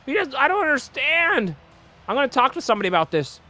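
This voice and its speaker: Man doing a whiny wrestler, baffled, high pitched, pleading, comic game commentary. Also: sing-song, quick pace, sharp tone, soft background music, full character voice. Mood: indignant whining. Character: baffled indignant male wrestler, whiny and upset.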